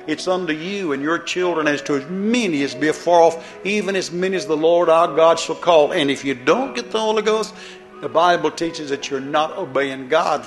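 A man's voice: a little high, roomy sound. A man preaching a fiery sermon, pleading and throwing rhetorical questions at the congregation.

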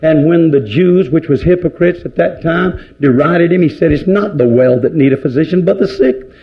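Gravelly-voiced preacher, lo-fi. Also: male voice, a little high, normal speed. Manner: fervent preaching, volleys of rhetorical questions. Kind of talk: sermon. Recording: dull lo-fi recording.

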